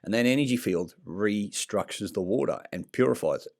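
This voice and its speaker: A man's voice: fairly low pitch, lively intonation, normal speed, creaky, a little mellow. A man talking in a rambling vlog monologue, blunt and profane, full of fillers and restarts. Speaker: vlogger. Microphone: self-recorded clip.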